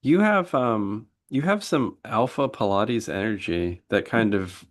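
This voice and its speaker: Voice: mid-range voice, unhurried. Chill podcast cohost, mostly listening, short easy replies. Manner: relaxed listener, reacts with short remarks. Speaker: podcast co-host. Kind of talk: casual chat.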